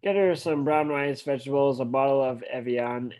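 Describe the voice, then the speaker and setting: A man reading several parts aloud in a casual amateur reading of a screenplay, with brisk, lively delivery. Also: mid-range voice. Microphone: home computer mic on video call.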